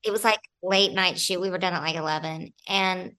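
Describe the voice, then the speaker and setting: A woman actor chatting in an interview, telling animated stories and acting out what people said. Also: lowish voice, a little fast, smooth, rough recording. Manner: animated storyteller, acts out quotes. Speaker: actor guest. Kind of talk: casual interview chat.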